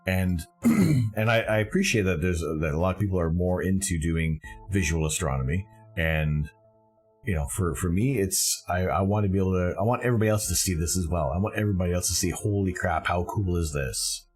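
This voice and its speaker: A man's voice: sits low, a little fast, darkish tone, slightly rough, faint music behind. A man from Canada hosting a live stream, talking casually and with enthusiasm in a rambling way, often correcting himself mid-sentence.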